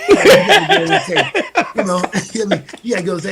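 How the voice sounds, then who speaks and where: Animated, higher-voiced former athlete. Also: male voice, fairly quick, background noise. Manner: animated anecdotes, acts out voices, laughs. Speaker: guest, former pro football player. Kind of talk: casual conversational interview.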